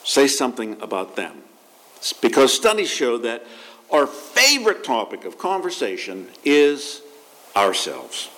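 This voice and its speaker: A man's voice: mid-range voice, huge pitch swings, measured pace, pushed and bright. A man, a pastor, giving a conversational sermon with asides and restarts.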